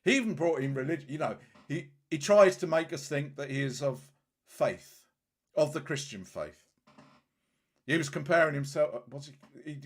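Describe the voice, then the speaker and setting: A man hosting a livestream and talking off the cuff. He is blunt and scornful, and he rambles and restarts his sentences as he goes. His voice sits at an ordinary middle pitch. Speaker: livestream host. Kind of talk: casual livestream commentary.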